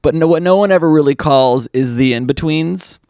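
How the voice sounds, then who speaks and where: A man co-hosting a comedy podcast, casual and rambling with quick deadpan quips. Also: a little high, gravelly, no room sound, clean studio sound. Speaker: podcast co-host.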